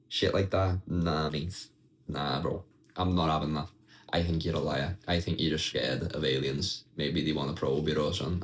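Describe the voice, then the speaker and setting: A man's voice: deep voice, low-quality recording. A young man ranting casually and bluntly to his viewers, swearing freely and talking straight at the camera. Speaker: vlogger.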